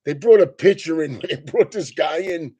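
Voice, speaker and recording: A man's voice: fairly high pitch, moderate pace, mellow, husky. A man comedian on a casual, profane rant, swearing constantly and breaking into laughs mid-sentence.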